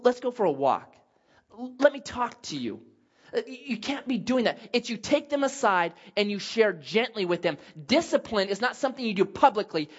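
A man's voice: high voice, muffled recording. A man preaching a sermon, telling a story and acting out the people in it. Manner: animated, acts out scenes with shouted quotes. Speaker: pastor.

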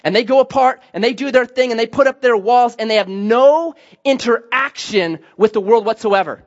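A man preaching a sermon as a pastor, telling stories with lively acted-out dialogue. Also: very high voice, normal speed. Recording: dull lo-fi sound.

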